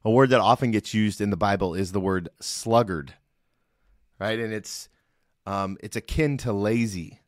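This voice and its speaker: A man's voice: on the low side, a little slow, dry recording. Man, middle-aged, earnest faith podcast host, conversational, dry close sound. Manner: earnest, conversational, often asks "right?". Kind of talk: solo devotional podcast talk.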